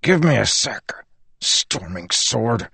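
A man's voice: mid-range voice, very animated, slow, gravelly, bright, forceful tone, slightly rough, no room sound, pitched above the performer's own voice, full character voice. A man voicing a wounded young male warrior who speaks strained, through gritted teeth. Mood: strained defiant.

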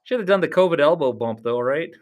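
A vlogger giving casual play-by-play commentary at a live event, chatty and laughing often. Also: a little fast. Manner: chatty, laughs often, lively swings in pitch. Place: at a live arm-wrestling event.

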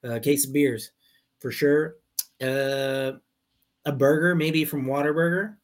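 A man co-hosting a podcast in relaxed casual chat, swearing and laughing often. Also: fairly high pitch, slow. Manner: laid-back, swears freely, laughs. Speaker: podcast co-host.

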